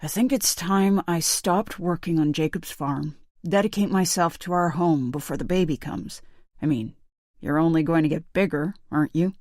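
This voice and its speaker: A woman's voice: sits low, moderate pace, a little mellow, no echo, clean studio sound, lightly acted. A woman reading a cold, scornful husband. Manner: crisp and dismissive. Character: cold, scornful young husband drinking whiskey.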